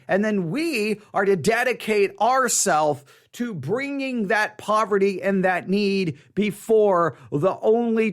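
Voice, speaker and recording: A man's voice: high-pitched, a bit bright. A man leading a Bible study, teaching earnestly, often restarting his sentences and hammering points through repetition.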